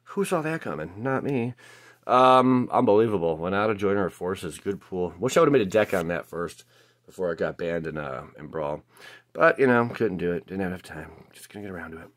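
A man with a fairly low voice talks through a pack opening in a loose, chatty way. He gets excited and exclaims over the cards, filling gaps with "uh" and "like". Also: fairly quick. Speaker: card-opening channel host. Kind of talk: casual pack-opening commentary.

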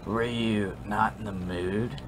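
A man's voice: on the low side, steady tone, slow, noisy background. A man voicing a resentful young female crocodile in a video game, speaking with cutting scorn. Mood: scornful.

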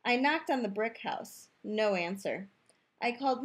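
A woman reads a picture book aloud in a youth room, telling it in first person as the wolf. Her delivery is playful and expressive, her voice somewhat high and a little husky, with pitch that rises and falls a great deal. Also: a little slow. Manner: playful, expressive storybook reading. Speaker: storyteller.

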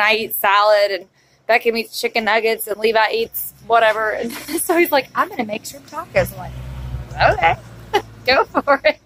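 Young mom talking to the camera, kinda high voice, laughs a lot, baby-talks her kids. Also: fairly bright tone, slight background noise. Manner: chatty, laughs often, coos at her kids. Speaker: family vlogger, mother. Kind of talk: casual vlog chat.

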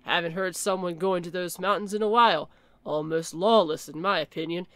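A woman's voice: lowish voice, dry recording, voice pushed down, natural voice. A woman voicing a grave gas station owner, a man who solemnly warns a traveler away from the mountains in a game. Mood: ominous warning. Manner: grave, slow, foreboding delivery.

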